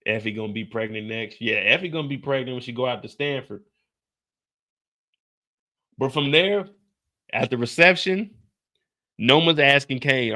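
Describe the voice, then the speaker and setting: A man's voice: medium pitch, moderate pace, pauses often, sharp tone. A man hosting a casual TV episode recap, telling it in a brash, profane style with personal asides. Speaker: TV recap host.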